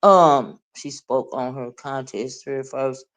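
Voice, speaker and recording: A woman's voice: a bass voice, takes it slowly. A woman hosting a casual livestream, chatting with viewers, greeting them by name and asking "right?" often. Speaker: livestream host.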